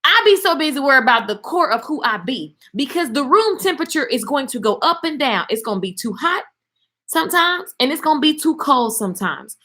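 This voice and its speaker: Bright, high-voiced woman preaching to viewers. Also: fairly quick. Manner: animated, preachy, talks straight to viewers. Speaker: motivational speaker and singer. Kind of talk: live-stream motivational talk.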